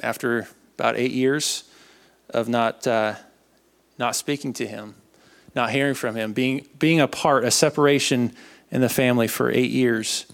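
A young man giving an earnest personal faith testimony, halting and often repeating his words. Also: mid-range voice, fairly even intonation, vocal fry. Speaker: speaker sharing a testimony.

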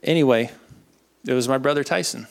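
A young man tells a personal faith testimony in an earnest, halting way, often doubling back on his words. His voice has a gravelly, creaky edge at a middling pitch. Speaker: speaker sharing a testimony.

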